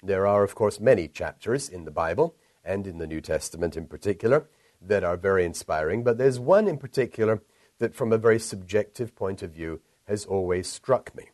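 A man delivering a recorded sermon as a pastor, measured and earnest, lifting his voice when he reads scripture. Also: low voice, lively intonation, a little mellow, no room sound.

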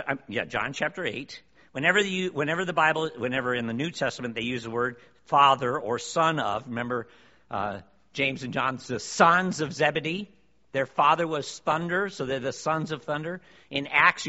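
A man's voice: medium pitch, sharp tone. A man preaching a sermon to a congregation, emphatic and full of rhetorical questions. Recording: long hall reverb, dull lo-fi sound.

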